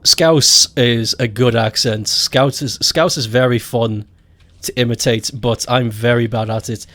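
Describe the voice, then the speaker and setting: A man's voice: mid-range voice, steady tone, measured pace, a bit bright, no room sound. A man with a Scottish accent chatting casually as a game streamer, joking and laughing often. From Scotland. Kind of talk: casual chat while gaming.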